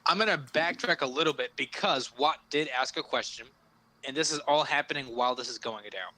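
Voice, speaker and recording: Bright-voiced man narrating as game master. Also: mid-range voice, low-quality recording. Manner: casual, halting narration with many fillers.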